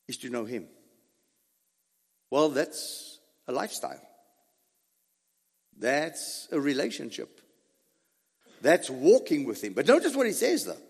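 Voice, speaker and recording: High, lively man preaching with long pauses. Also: gravelly, breathy edge, in a large hall. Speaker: pastor. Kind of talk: sermon.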